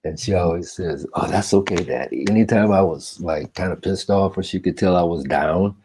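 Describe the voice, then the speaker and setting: Relaxed older American man, warm low voice. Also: moderate pace, slight background noise. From United States. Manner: relaxed, laughs easily, calls people "man". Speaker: guest musician. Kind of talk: casual conversation.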